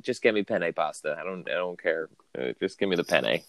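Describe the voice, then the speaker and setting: A man's voice: sits low, lively intonation, a little fast, fairly bright tone. A man co-hosting a podcast from home, chatting casually in a rambling, joking way with lots of fillers. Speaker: podcast co-host. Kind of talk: casual chat. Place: home, remote recording.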